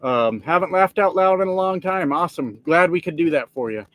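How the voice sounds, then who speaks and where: This trucker streams from his cab in a fairly quick, fairly bright voice on the high side, with lively intonation and no echo. Casual and profane, he reads comments, wanders from topic to topic and keeps breaking into laughter.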